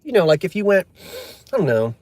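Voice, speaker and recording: A chatty man hosts a casual live stream, joking and answering viewers as he goes. His voice sits fairly high for a man, and the sound is dry and close with no room echo. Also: big pitch swings, brisk, darkish tone. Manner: chatty, jokey, reads and answers viewer comments. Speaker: livestream host.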